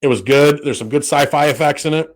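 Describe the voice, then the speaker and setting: Speaking fast in a voice on the high side, this podcast co-host chats casually. He rambles, uses lots of fillers and restarts, and swears freely.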